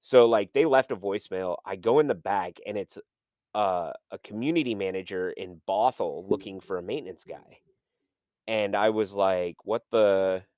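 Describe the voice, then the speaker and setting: A man with a fairly low voice tells his story in a loose, rambling way. He fills the gaps with "like" and "um" and acts out the conversations he once had. The sound is dry and close, with no room echo. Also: moderate pace, highs cut off. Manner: rambling, full of "like" and "um", acts out his own past dialogue. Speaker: podcast guest. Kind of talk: casual storytelling.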